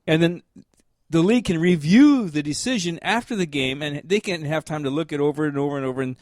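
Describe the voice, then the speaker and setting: Man, podcast co-host, rambling, hesitant, fairly high voice, dry close sound. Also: brisk, darkish tone, no room sound. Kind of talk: casual sports chat.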